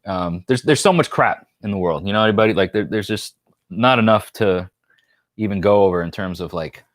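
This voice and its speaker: A man's voice: on the low side, a little fast, no echo, studio quality. A man from New York hosting a casual live stream, joking and rambling as he reads viewer comments aloud.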